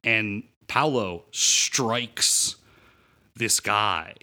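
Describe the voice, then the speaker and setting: A man retelling a film's story in casual podcast talk, leaning on fillers like "like" and "dude". His voice is on the low side yet comes across bright and forward. The delivery is relaxed and conversational. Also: extremely slow. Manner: loose and slangy, full of "like" and "dude". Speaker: podcast co-host. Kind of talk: casual film discussion.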